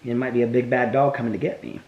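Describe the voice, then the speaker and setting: A man voicing his timid little male puppy, speaking softly in a babyish way. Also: mid-range voice, fairly even intonation, fast, reverberant, muffled recording, close to an everyday voice. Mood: scared. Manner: soft, babyish talk.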